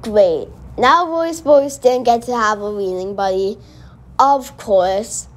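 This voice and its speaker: This reaction video host has a somewhat high voice and talks a little slowly. Her delivery is eager and meandering, full of self-corrections.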